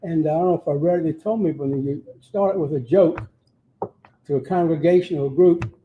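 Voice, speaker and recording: A man's voice: fairly high pitch, a little fast, phone-quality sound, a little hiss or hum. A man in the audience of a class, telling a story in a rambling way with hesitations. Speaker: congregant. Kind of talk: casual remarks in a class.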